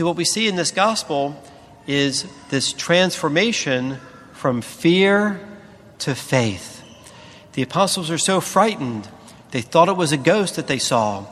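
A priest giving a sermon, speaking slowly and deliberately with emphatic pauses. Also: male voice, a little high, fairly bright tone, long reverb tail.

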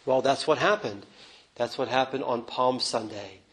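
A man preaching a sermon on a gospel passage, earnest and unhurried, with small restarts as he explains the text. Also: mid-range voice, fairly bright tone, rough recording.

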